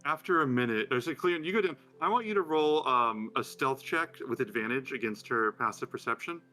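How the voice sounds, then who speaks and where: A man narrating as game master of a live-streamed tabletop game, relaxed and chatty. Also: medium pitch, fairly quick, faint music behind.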